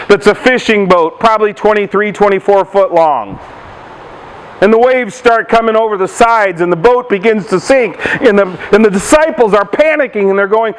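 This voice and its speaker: A man's voice: high voice, clean tone, rough recording. A man, a pastor, preaching a sermon, asking the congregation questions and retelling Bible stories.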